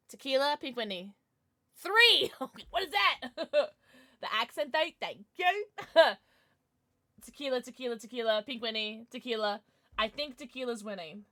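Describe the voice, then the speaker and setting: A woman's voice: a little high, a bit bright, no echo, studio quality. A young woman live-streaming, chatting casually and bubbly as she reads her chat aloud, gasping and laughing often.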